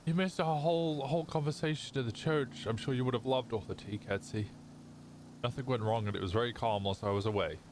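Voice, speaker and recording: A man's voice: mid-range voice, fairly quick, a little mellow, a little hiss or hum. A British man streaming a roleplay game, chatting casually in character, laughing easily and trailing off into restarts.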